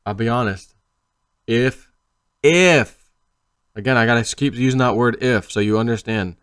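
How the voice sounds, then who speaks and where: A man talks to camera in a loose, rambling vlog voice at a middle pitch. He tells stories with lots of energy and acts out the people he quotes. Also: a little slow, smooth. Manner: rambling, animated storytelling with acted-out quotes. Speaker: crypto video host. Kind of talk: casual to-camera vlog talk.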